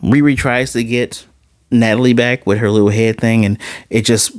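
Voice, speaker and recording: A man's voice: medium pitch, steady tone, moderate pace, no room sound, clean studio sound. A man casually recapping and reviewing a TV episode, slangy and profane, acting out the characters' lines as he retells scenes. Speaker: TV series reviewer.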